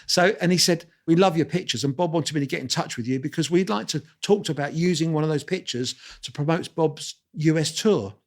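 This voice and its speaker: A man, telling lively anecdotes as an interview guest and restarting his sentences often. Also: fairly high pitch, a little fast, few pauses. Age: 60s. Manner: animated anecdotes with quoted voices and restarts. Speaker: guest photographer. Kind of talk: storytelling interview.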